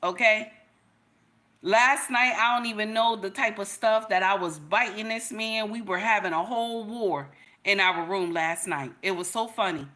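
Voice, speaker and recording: Middle-aged woman livestream host, bright voice, emphatic and repetitive. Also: medium pitch, normal speed. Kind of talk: casual livestream commentary.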